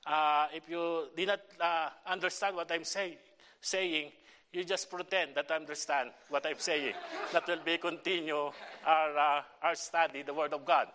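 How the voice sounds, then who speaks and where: A middle-aged man with a Filipino accent preaches to a church, searching for words as he goes. His voice sits a little high and sounds bright and forward. He stops and restarts often and fills the gaps with "uh". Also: fairly even intonation, slight background noise. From Philippines. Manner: halting, many fillers and restarts. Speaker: visiting pastor. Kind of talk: church sermon and prayer request.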